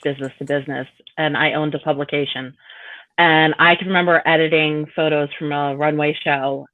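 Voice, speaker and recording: A woman guest in a casual chat, telling stories about her son and laughing easily. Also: low voice. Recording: dull dry line.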